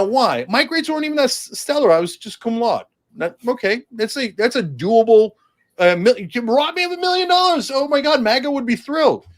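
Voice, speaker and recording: Fiery, high-voiced man talking politics. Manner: animated, sarcastic, combative. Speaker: political candidate, interview guest. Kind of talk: impassioned political interview talk.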